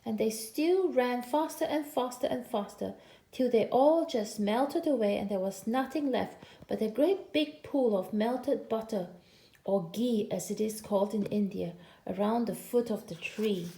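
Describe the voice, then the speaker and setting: A woman reads a children's story aloud with a gentle, sing-song lilt. Her voice is higher than most and sits mellow and soft. It is recorded in a roomy, echoing space. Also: a little slow. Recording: echoey room.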